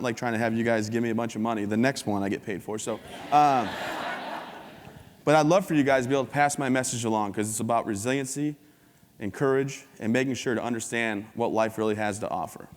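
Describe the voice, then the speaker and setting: A man in his thirties giving an upbeat, joking motivational talk from a stage, acting out little scenes and voices. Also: mid-range voice. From United States. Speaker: keynote speaker. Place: conference hall stage before an audience. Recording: long hall reverb.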